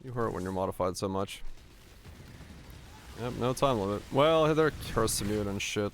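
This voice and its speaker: A man's voice: fairly low pitch, animated, normal speed, pauses often, a little hiss or hum. A man casually commenting while he plays a game on stream, rambling and answering chat questions as he goes.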